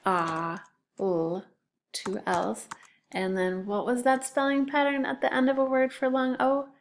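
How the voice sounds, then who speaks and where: A woman's voice: sits high, steady tone, normal speed, creaky, a little hiss or hum. A woman teaching a children's spelling lesson, patiently sounding out words syllable by syllable.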